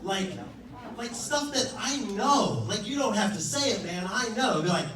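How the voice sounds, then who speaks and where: A comedian in his thirties, his voice high-pitched, expressive and fairly bright at normal speed, does stand-up about his family, swearing in exasperation and acting out their lines. The club is echoey, the mic sounds distant, the audience laughs, and there's a slight hiss or hum.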